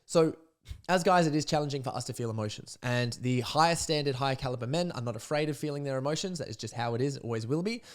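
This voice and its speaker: Guy coaching on his podcast, talks fast, cusses, jokes around, plays out example convos. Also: medium pitch. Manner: blunt and profane, jokes, acts out sample dialogue. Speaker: podcast host, men's coach. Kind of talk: casual coaching monologue.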